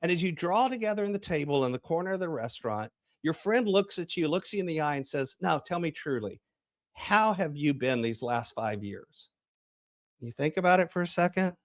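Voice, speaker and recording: A man's voice: on the high side, no echo, studio quality. A man, a coach and author, talking in an interview and acting out small scenes as he tells a story. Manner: storytelling, acts out dialogue. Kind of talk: podcast interview.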